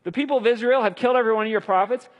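A man voicing a self-pitying prophet who pleads in a loud, rushed complaint. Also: very high voice, lo-fi sound, voice pushed up. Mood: complaining. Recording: long hall reverb.

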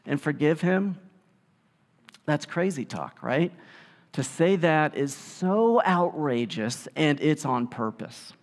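A man preaching a sermon, telling the story in a lively way and acting out the quotes. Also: fairly high pitch. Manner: animated storytelling, acts out quotes. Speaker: pastor. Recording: long hall reverb.

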